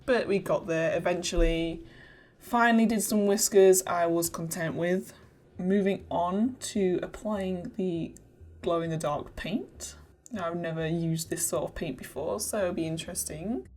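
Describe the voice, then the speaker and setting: A woman's voice: fairly low pitch, a little slow, darkish tone, soft background music. A woman narrating her own crafting vlog in a casual, self-mocking way. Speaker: crafting vlogger.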